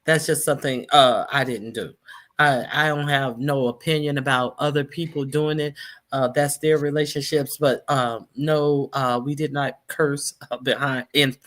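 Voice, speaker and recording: A woman's voice: extremely low pitch, fairly even intonation, normal speed, a bit bright. A woman hosting a casual chat, telling stories with frequent laughter and cheerful profanity. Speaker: host.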